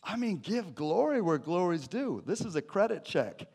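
A man preaching a sermon to his church, animated and jokey, with sudden loud bursts. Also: high voice, normal speed, creaky, breathy edge. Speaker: pastor.

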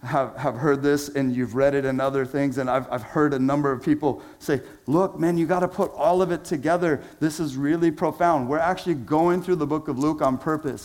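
A pastor preaches a sermon in a casual, conversational manner peppered with slang. He swings between loud emphasis and hushed, low phrases.

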